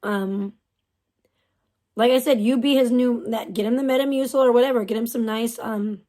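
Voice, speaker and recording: A woman's voice: on the high side, fairly even intonation, moderate pace, dark tone. Profane, scornful woman ranting on a livestream. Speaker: livestream host.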